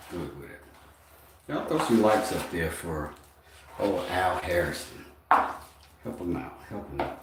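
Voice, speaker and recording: A man remodeling his bathroom, chatting casually while he works and sarcastically teasing a commenter. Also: low-pitched. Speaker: drywall remodeler. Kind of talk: casual work vlog chat. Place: bathroom under remodel at home. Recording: very echoey, distant mic with loud noise.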